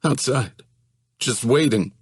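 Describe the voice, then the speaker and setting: A man voicing a scared young man who whines and pleads in a husky voice pushed high. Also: slow pace, no echo, studio quality, exaggerated voice. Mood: panicked. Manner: pleading, whining, voice cracking high.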